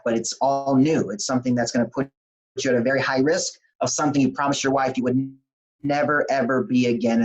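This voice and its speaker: Interview guest, male, mid pitch. Animated, plain-spoken motivational storyteller. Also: rough recording. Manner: animated, plain-spoken, repeats words in quick restarts. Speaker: interview guest, business coach.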